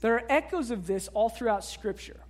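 A woman's voice: on the high side, a little fast, a little mellow. A woman pastor giving a sermon in a conversational way, with frequent rhetorical asides to the congregation.

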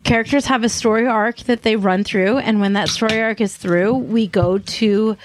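A woman's voice: on the high side, fairly even intonation, normal speed, a little hiss or hum. A woman in casual podcast chat, thinking aloud about her next game character with some hesitation. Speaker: tabletop game player on a podcast.

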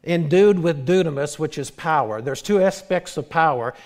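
A man with a high voice preaches a sermon. He talks in an animated way, acts out quoted speech and often restarts his sentences. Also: normal speed. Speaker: pastor.

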